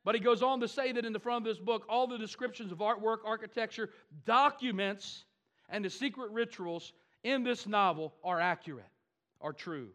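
A man preaching a sermon to his church, animated and with wry asides. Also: sits high, brisk. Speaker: pastor.

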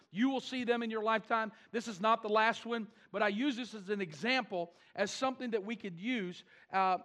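A man preaching a sermon to his church, animated and with wry asides. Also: high voice. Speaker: pastor.

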